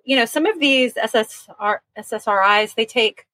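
A woman's voice: a little high, normal speed, bright, forceful tone, dry recording, low-quality recording. A woman co-hosting a podcast in casual chat, gushing and laughing often. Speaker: podcast co-host.

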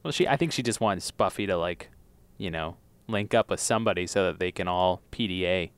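A woman co-hosting a podcast, chatting casually and joking with quick asides. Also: extremely low pitch, dry recording. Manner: jokey, laughs often, quick asides. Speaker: podcast co-host. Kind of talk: casual chat about a TV episode.

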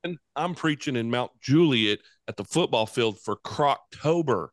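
A man chats as a podcast co-host, upbeat and quick to laugh. His voice sits in a middle pitch. The sound is dry and close, with no room echo. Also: lively intonation. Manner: upbeat, laughs often, jokey. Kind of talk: casual chat.

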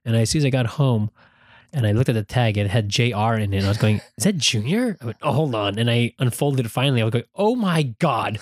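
A man chatting casually as a podcast co-host, an animated storyteller who acts out what people said. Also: medium pitch, fast talker, no room sound, studio quality. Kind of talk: casual chat.

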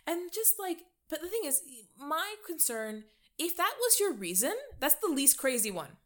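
A woman's voice: high-pitched, very animated, normal speed. Woman cohost chatting, blunt n sweary, does mocking voices. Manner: blunt, profane, mocking impressions. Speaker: podcast co-host. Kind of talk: casual chat.

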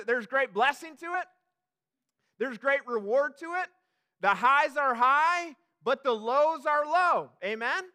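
A man's voice: extremely high pitch, pushed and bright. A young adult man preaching a sermon as pastor, chatty and self-deprecating, with many fillers and restarts.

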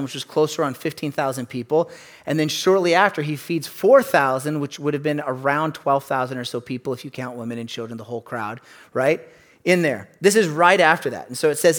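A man's voice: mid-range voice, fairly quick, fairly bright tone. A man preaching a sermon in a conversational way, with asides and jokes between scripture readings. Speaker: pastor.

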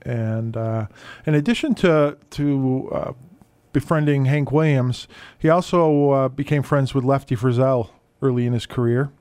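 Male radio DJ, mellow warm voice, dry close sound, halting delivery, lots of "uh" fillers. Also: medium pitch, no room sound. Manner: halting, many "uh" fillers and restarts. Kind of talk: relaxed radio show patter.

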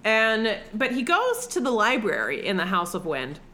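Bright-voiced, profane woman chatting. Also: medium pitch, normal speed. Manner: profane, animated storytelling. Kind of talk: casual chat.

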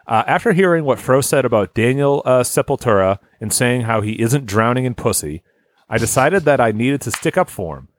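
A man's voice: mid-range voice, expressive, fairly quick, dry recording. A man hosting a podcast, reading a listener's story aloud in casual chat, often breaking into laughter and stumbling over words.

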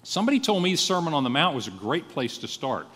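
A male pastor preaching a sermon, telling his story in a lively, animated way and acting out his own thoughts. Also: fairly high pitch, fast, big-room sound.

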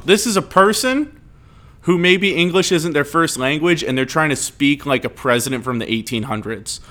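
Animated rambling storyteller, man. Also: a little high, moderate pace. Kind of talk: casual storytelling chat.

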